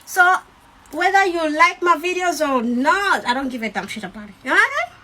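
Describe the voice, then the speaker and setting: A woman with a Ugandan English accent speaks to her followers in a defiant, emphatic rant. Her voice sits high and sounds bright and sharp, and she hammers her points through repetition. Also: sing-song, fairly quick. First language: Luganda. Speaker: social media creator.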